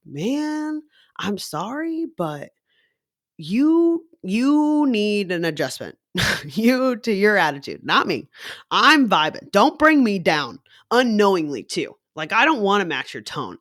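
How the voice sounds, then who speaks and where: A young woman talking casually in a vlog, animated and slangy, swearing freely and laughing as she jumps into high voices to mimic people. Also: a little slow, dry recording, studio quality. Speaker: vlogger.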